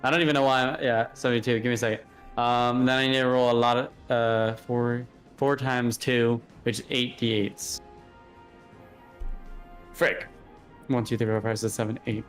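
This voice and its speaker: A man's voice: mid-range voice, little pitch movement, normal speed, long pauses, soft background music. A young man playing a tabletop game, talking casually and thinking aloud with fillers. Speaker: player.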